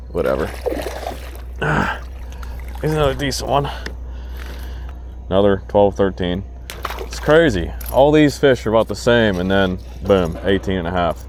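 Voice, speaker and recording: Excited man fishing on a river. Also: on the low side, slight background noise. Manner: excited, talks to the fish. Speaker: fishing vlogger. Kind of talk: casual narration while fishing. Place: outdoors on a river boat.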